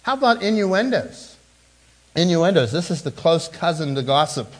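Animated middle-aged male preacher. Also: fairly high pitch, moderate pace, rough recording. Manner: animated preaching with sudden drops to a hushed tone; conversational, with asides to the congregation. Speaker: pastor. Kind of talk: sermon.

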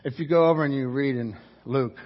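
A man's voice: medium pitch, brisk, lo-fi sound. A man preaching a sermon as pastor, telling the story vividly and acting out the characters' lines.

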